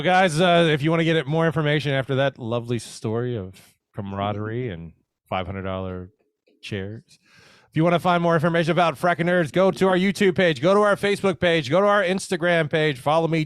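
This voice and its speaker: A man hosting a podcast in casual chat, running briskly through the show's plugs. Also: medium pitch, clean tone, no room sound. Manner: brisk, reads out show plugs. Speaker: podcast host.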